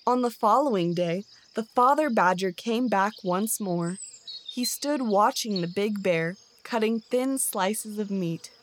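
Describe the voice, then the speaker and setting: Slow, measured woman storyteller. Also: medium pitch, slight background noise. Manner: measured, expressive narration. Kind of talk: storybook reading aloud.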